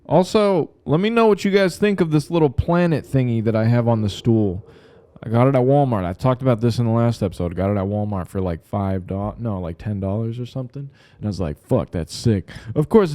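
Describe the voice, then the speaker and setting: A man's voice: mid-range voice, fairly quick, warm tone, no room sound, clean studio sound. A man in his twenties hosting a casual solo podcast from a room at home, rambling and swearing, with "like" in nearly every sentence. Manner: rambling and profane, heavy on fillers like "like". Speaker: podcast host.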